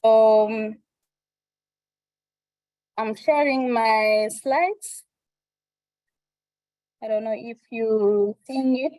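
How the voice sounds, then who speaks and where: Woman from rwanda, very slow, hesitant, dry video-call sound. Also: a little high, warm tone, no room sound, rough recording. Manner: hesitant, many fillers. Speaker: guest speaker. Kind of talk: online presentation.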